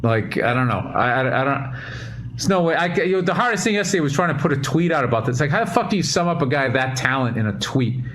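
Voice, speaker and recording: A man's voice: a little high, lively intonation, quick pace, fairly bright tone. A man on a video call talking in a reflective, rambling, profane casual chat. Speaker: podcast host.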